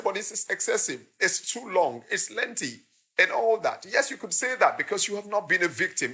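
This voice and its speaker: A man's voice: sits high, pushed and bright, husky. A man preaching a sermon, impassioned, acting out the voices he quotes. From Nigeria. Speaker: pastor.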